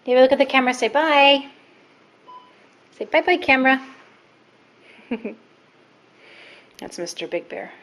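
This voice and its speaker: A woman's voice: high-pitched, lively intonation, unhurried, pauses often, a bit bright, rough recording. A woman filming her young son at home, narrating and coaxing him and a cat in a sing-song voice. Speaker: mother filming her child. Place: at home with a couch.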